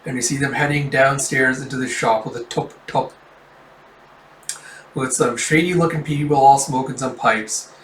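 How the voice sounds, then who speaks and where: A man's voice: mid-range voice, steady tone, moderate pace. A man casually reading a comic aloud, chatty and adding sound effects, in a roomy recording taken from a distance. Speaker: manga reader. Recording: roomy, distant mic, faint background noise.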